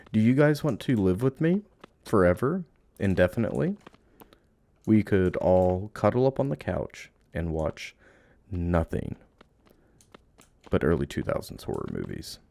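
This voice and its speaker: A man giving let's play commentary, playfully cooing at game creatures and drifting into hushed, musing narration. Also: sits low, vocal fry, no room sound. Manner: playful, coos and baby-talks at game creatures. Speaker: game streamer.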